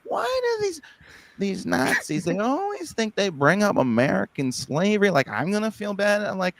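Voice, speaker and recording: A man co-hosting a comedy podcast, improvising rapid bits and slipping into character voices as he laughs through them. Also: high-pitched, big pitch swings, fairly bright tone, no echo.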